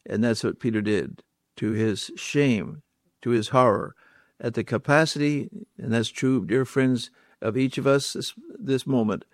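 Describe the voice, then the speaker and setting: Preacher, male, mid-pitched, dry close sound, emphatic with repeated words and rhetorical questions. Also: a little slow, no echo. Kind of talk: sermon.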